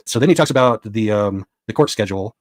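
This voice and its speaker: Fast-talking man recapping court. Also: on the low side, lively intonation, no echo. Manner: fast, conversational retelling with quoted dialogue. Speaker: court reporter.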